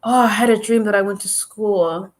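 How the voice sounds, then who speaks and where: A woman rambles through a casual live stream, her voice stuffy from a runny nose. She talks loosely and keeps restarting her thoughts, circling back with filler words. Her pitch sits mid-range for a woman. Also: moderate pace. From New York. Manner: chatty, rambling, restarts sentences often.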